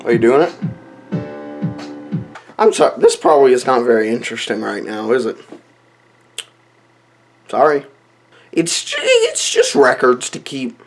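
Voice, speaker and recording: A man's voice: medium pitch, huge pitch swings, a little slow, pauses often, soft background music. A young man joking around while recording a silly song, switching between mock singing and rambling asides. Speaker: comedy vlogger recording a song. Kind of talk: joking self-recorded rap session.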